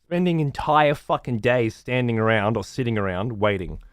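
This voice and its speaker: A man's voice: medium pitch, animated, moderate pace, smooth, no echo, studio quality. A man streaming a game, chatting casually in a rambling, heavily profane way. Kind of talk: casual chat while gaming.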